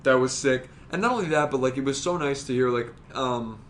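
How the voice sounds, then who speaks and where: Podcast co-host, male, mid-pitched, rambling and excitable, salty language, casual chat. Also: fast, a little hiss or hum. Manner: rambling, excitable, swears a lot.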